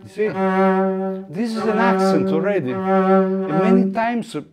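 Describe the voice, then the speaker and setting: A man teaching double bass technique in a masterclass, explaining in a halting way with frequent restarts. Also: expressive. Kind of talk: instrument masterclass demonstration. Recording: faint bowed string music behind.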